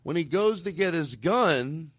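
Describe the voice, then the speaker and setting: Animated storytelling man. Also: on the high side, a little slow, dry recording, clean studio sound. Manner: animated, rambling storyteller, laughs a lot. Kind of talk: casual comedy chat.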